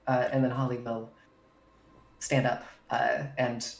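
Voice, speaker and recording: Brief: low-voiced woman player, relaxed, matter-of-fact. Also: takes it slowly, vocal fry. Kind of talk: casual tabletop play.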